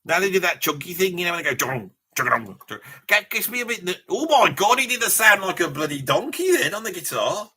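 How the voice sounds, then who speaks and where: A man's voice: high voice, expressive, fast talker, hardly any pauses, pushed and bright, breathy edge, exaggerated voice. A man putting on a brash, mouthy metalhead bloke with a Birmingham accent, blustering and rambling through a live reaction stream. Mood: blustery. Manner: blustering and rambling, swears casually, laughs at his own jokes. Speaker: livestream host in character.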